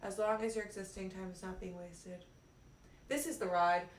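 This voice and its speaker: A woman's voice: mid-range voice, steady tone, normal speed. Brash, profane woman life coach. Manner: brash, profane, playful, calls listeners cuties. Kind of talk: live-streamed motivational talk. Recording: roomy, a little off-mic, faint ambience.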